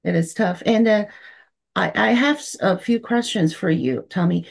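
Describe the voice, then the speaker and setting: A woman host whose first language is Chinese, asking interview questions in a gentle, sympathetic way. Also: medium pitch, moderate pace, creaky, slightly rough. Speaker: forum host.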